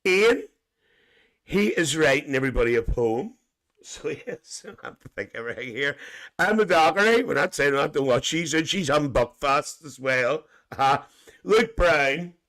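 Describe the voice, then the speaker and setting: A man's voice: a little high, moderate pace, a bit bright. A man with a Northern Irish accent hosting a live stream, chatting casually, teasing viewers and chuckling often as he tells a rambling, made-up story. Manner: chuckles often between lines. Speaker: livestream host reading viewer comments. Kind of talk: casual live chat, imagined coach trip.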